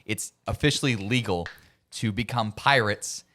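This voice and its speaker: A man's voice: fairly low pitch, unhurried, fairly bright tone. A man co-hosting a podcast, rambling through stories and laughing as he retells scenes. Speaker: podcast co-host. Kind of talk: casual chat.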